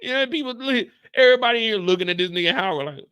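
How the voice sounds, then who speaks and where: A man hosting a live after-show stream, ranting loudly and profanely straight to his chat. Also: very high-pitched, lively intonation, fast, clean tone, dry recording, clean studio sound.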